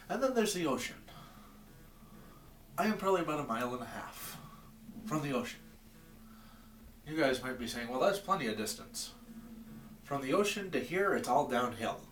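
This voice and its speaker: A man's voice: medium pitch, fairly bright tone, echoey room, distant mic, a little hiss or hum. A man from Maine rambling in a wry, exasperated rant to his camera from his basement. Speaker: vlogger. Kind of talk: comedic rant vlog. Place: home basement.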